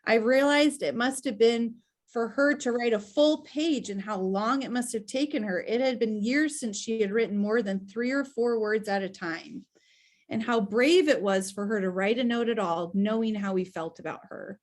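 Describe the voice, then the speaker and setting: A woman voicing a guarded grown woman who speaks softly and carefully. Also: fairly high pitch, moderate pace, lightly acted. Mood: tender. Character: quiet guarded adult woman opening up.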